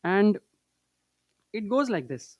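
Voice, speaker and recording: Male meditation teacher, high pitched, earnest, explains through stories. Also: sing-song, slow pace, dry recording, lo-fi sound. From India. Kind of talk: spiritual talk.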